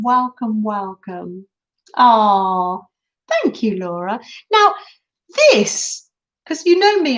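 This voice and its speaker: Chatty, giggly woman crafter. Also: fairly high pitch. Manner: chatty, giggly, talks to viewers while working. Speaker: crafting live-stream host. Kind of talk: casual crafting tutorial chat. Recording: dull lo-fi sound.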